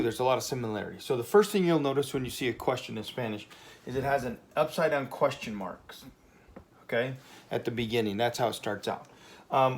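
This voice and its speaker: A man gives a laid-back lesson as if at a whiteboard. He talks in an easygoing way, pausing with fillers and often checking that the class is following. His voice sits at an ordinary middle pitch. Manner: relaxed, chatty, many fillers and "okay?" checks. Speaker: Spanish teacher.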